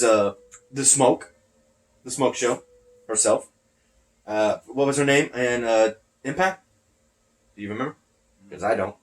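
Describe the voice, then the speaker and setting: A man hosting a casual wrestling podcast, rambling and losing his train of thought, a little short of breath while talking through a face mask. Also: mid-range voice. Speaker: podcast host. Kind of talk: casual wrestling recap chat. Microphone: wearing a face mask.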